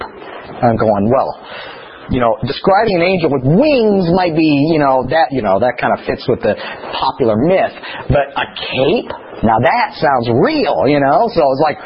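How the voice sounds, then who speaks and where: A man teaching scripture in a chatty, animated way, telling stories between points. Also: fairly high pitch, moderate pace, dull audio, a little hiss or hum. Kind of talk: bible teaching.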